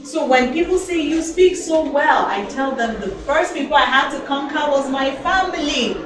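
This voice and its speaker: A young woman giving a motivational public speaking lesson to a live audience, animated and quizzing the listeners with questions. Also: high voice, normal speed. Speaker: elocution and public speaking trainer. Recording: very echoey hall, voice from far off.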